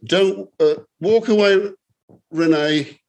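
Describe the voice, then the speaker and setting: A man's voice: sits high, takes it slowly, vocal fry. An older man, a musician guest, speaking from his home over a video call in a reflective, nostalgic way. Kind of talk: relaxed interview conversation.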